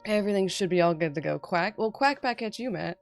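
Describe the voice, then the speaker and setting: A woman's voice: mid-range voice, lively intonation, fast, creaky, faint music behind. A woman hosting a casual game stream, chatting with a guest and reading chat aloud with frequent laughter. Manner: bubbly, laughs often, reads chat aloud. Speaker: streamer host.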